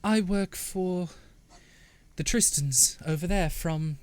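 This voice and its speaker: A man's voice: high-pitched, slow, darkish tone, clear, resonant tone. A man voicing a courteous young human woman on the staff of a masquerade party. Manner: courteous, formal.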